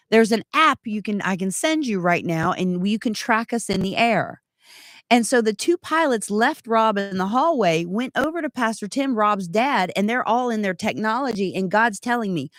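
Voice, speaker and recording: A woman in her thirties giving an earnest, animated personal testimony, full of asides. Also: mid-range voice, no echo, clean studio sound.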